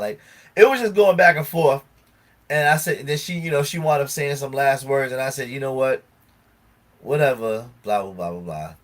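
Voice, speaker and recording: Profane animated man telling a story. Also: medium pitch. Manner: animated storytelling, profane, acts out both sides of an argument. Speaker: podcast co-host. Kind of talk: casual chat.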